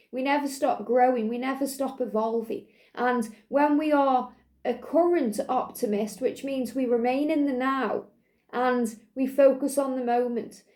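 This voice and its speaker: A woman doing a spiritual card reading for viewers, speaking in a soothing, reassuring way with lots of gentle repetition. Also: sits high. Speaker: psychic tarot reader.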